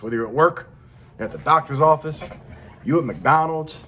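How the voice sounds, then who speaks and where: A man's voice: mid-range voice, expressive, brisk, a bit bright, slight background noise. A tired man rambling through a crude, profane casual monologue as a vlogger. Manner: profane, rambling, mock-tough.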